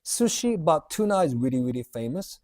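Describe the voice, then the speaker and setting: A man's voice: a little high, very animated, fairly quick, a little mellow. Chatty man hosting a livestream Q&A. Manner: chatty, rambling, reads viewer questions aloud and laughs. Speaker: livestream host answering viewer questions. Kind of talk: casual livestream Q&A.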